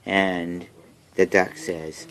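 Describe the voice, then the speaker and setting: A woman with a remarkably deep voice reads a picture book to little ones at home. She takes her time, pausing to coax the children with questions as she goes. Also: little pitch movement. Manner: gentle, coaxing, asks the children questions. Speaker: reader to young children. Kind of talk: reading a picture book aloud.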